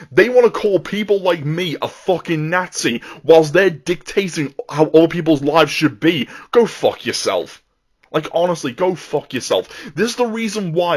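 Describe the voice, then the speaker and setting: A man ranting angrily, swearing a lot and tripping over repeated words. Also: a little high. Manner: heated, profane, stumbling repetitions. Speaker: vtuber ranting on politics. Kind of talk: angry political rant.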